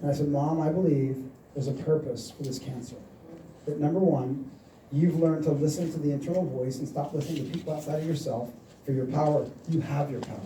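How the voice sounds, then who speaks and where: Dark-voiced man speaking on a seminar stage. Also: fairly high pitch, steady tone, a little fast, a little hiss or hum. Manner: storytelling, acts out quoted dialogue. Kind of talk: motivational seminar talk. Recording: echoey hall, mic at a distance.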